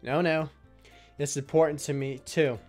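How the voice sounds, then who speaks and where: Brief: man voicing a calm game club president, polite, quiet, measured, faint music behind. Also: fairly high pitch, close to an everyday voice. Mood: gentle.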